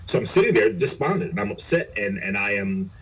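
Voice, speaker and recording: A middle-aged man, a police chief, telling his story in an interview, earnest and halting with frequent restarts. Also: on the low side, sing-song, fairly bright tone, husky. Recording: recorded far from the mic.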